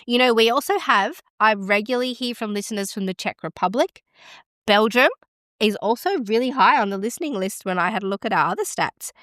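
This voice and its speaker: Excitable woman podcast host. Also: fairly high pitch, fairly quick, no echo, studio quality. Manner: excitable, gasps and exclaims while reading stats aloud. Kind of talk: casual podcast chat.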